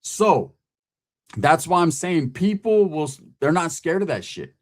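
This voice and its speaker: A man's voice: fairly high pitch, a little slow. A middle-aged man from California telling a profane story in casual talk, often checking in with "right?". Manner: profane, animated, keeps asking "right?".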